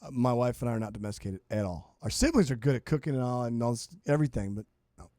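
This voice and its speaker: A man's voice: mid-range voice, sing-song, fast talker, warm tone, no echo, clean studio sound. A man in his forties hosting a podcast, chatting casually and joking with interjections. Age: 40s. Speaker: podcast host.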